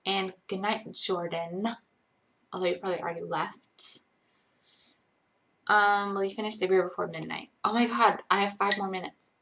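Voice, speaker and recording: A woman's voice: mid-range voice, fairly even intonation, moderate pace, creaky, long pauses, a bit bright. A tired young woman chatting casually on a live stream, rambling and self-deprecating as she reads chat aloud.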